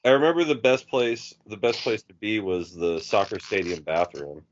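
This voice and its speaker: A man's voice: fairly low pitch, moderate pace. A man co-hosting a podcast, telling profane stories in casual chat and laughing at his own jokes, from Eugene, Oregon. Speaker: podcast co-host. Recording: dull lo-fi sound.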